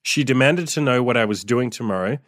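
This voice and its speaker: Brief: young adult male podcast host, mid-pitched, animated and profane, recorded dry and close. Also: fairly quick, dry recording. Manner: animated, swearing, reacting aloud to his own story. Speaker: podcast host reading his old diary. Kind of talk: casual storytelling monologue.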